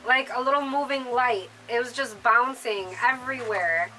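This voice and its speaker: A woman's voice: a little high, normal speed, pushed and bright, slight background noise, poor audio. A woman co-hosting a casual chat who rambles with lots of fillers. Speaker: co-host, shop owner.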